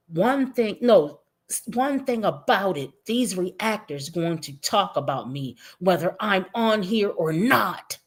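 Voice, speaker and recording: A woman streamer reacting to posts in a brash, profane, mocking way. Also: on the low side. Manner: slow-paced, drawn-out. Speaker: commentary streamer. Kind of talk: reaction commentary.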